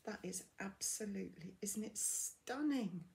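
A woman crafting vlogger chatting casually as she opens gifts, gushing and gasping, often dropping to a soft breathy near-whisper. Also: medium pitch, lively intonation, a little slow. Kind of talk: casual unboxing chat.

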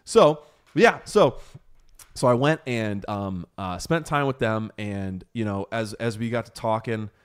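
A man's voice: fairly low pitch, normal speed, hardly any pauses, clean tone. A young man hosting a podcast, who tells a story in a casual chat and acts out the quotes with animation. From United States. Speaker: podcast host.

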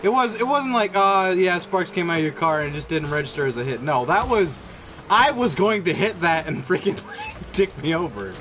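A man streaming live gameplay commentary, excitable and sarcastic, breaking into laughter and yelps. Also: sits high, normal speed. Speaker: gaming streamer.

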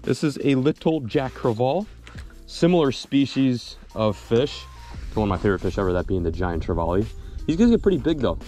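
A young man vlogging from a fishing boat outdoors, excited and slangy, laughing often as he talks. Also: medium pitch, brisk, soft background music. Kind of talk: excited outdoor vlog chat. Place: boat on open water outdoors.

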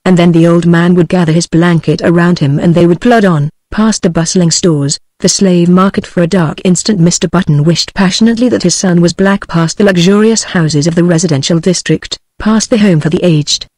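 A woman's voice: lowish voice, steady tone, a little fast, few pauses, darkish tone, no room sound. British woman's text-to-speech narration. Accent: British English. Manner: evenly synthesized text-to-speech reading. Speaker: audiobook narrator. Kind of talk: scripted narration.

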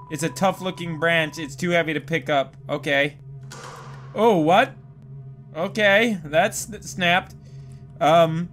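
Male let's-player with a high, bright voice, jumpy and profane. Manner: jumpy and swearing, frequent yelps and laughs. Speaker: let's play gamer. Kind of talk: casual gameplay commentary.

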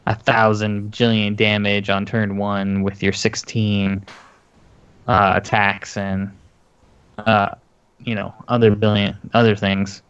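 A man's voice: fairly low pitch, little pitch movement, slow, fairly bright tone, clear, resonant tone, muffled recording. A man co-hosting a casual podcast about tabletop games, talking in a rambling, hesitant way with many fillers. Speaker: podcast co-host.

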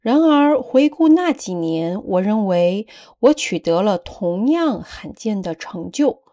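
Woman, model reading aloud, lively rising and falling pitch, mellow warm tone. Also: slow pace. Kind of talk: reading a passage aloud for practice.

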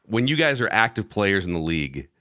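Lowish man asking rambling questions. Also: big pitch swings, fairly quick, pushed and bright. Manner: asks long, rambling questions. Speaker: podcast host. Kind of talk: casual podcast chat.

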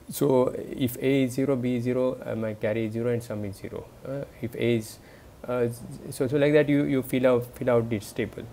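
A man's voice: mid-range voice, vocal fry, dark tone. A man giving a recorded university lecture, talking students through examples hesitantly, with many fillers and restarts. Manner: explanatory, addresses students directly.

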